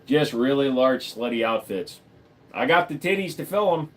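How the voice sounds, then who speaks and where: A man's voice: mid-range voice, expressive, moderate pace. Male livestream host, loose and foul-mouthed, reads chat and riffs off it. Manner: blunt, profane, rambling, reads chat aloud.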